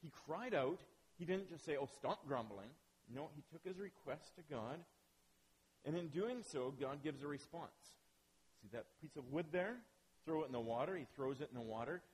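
A man's voice: a little high, moderate pace, darkish tone, slightly rough, low-quality recording. A man preaching a sermon, earnest and emphatic, often asking rhetorical questions. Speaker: pastor.

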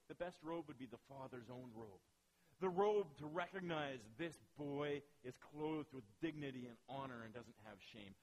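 A man preaching a sermon, retelling a story with animated dramatic pauses. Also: mid-range voice, low-quality recording. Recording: faint hiss.

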